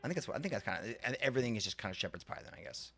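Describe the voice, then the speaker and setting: A man's voice: fairly low pitch, very animated, very fast, bright, forceful tone, faint music behind. Rambling man streaming a game. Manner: rambling, repeats and restarts, swears offhand. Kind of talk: casual live-stream chat.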